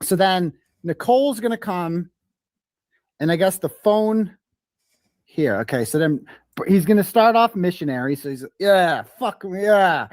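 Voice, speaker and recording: A man's voice: high voice, lively intonation, unhurried, long pauses, a little mellow. A man in recorded footage, narrating his own actions while he acts out crude lines. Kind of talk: casual spoken demonstration.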